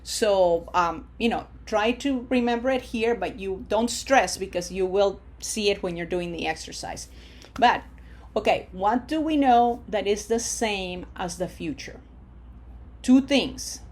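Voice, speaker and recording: Woman teacher, unhurried, drawn-out vowels, frequent check-ins, mid pitch. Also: darkish tone. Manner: models words slowly with drawn-out vowels, frequent "okay?" checks. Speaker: Spanish teacher. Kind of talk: slow, deliberate language lesson.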